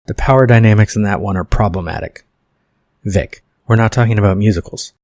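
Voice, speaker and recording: A man reading a screenplay aloud and voicing a blunt young non-binary friend who shoots back flat retorts. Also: fairly low pitch, brisk, dry recording, clean studio sound, close to an everyday voice. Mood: irritated.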